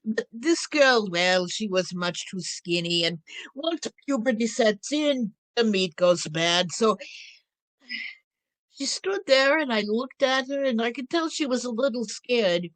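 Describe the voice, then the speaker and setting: A woman's voice: a little high, expressive, a little slow, no echo, low-quality recording. A woman playing Baba Yaga, sly ancient witch. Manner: storytelling in character, drawling and teasing. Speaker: storyteller. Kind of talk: live first-person storytelling.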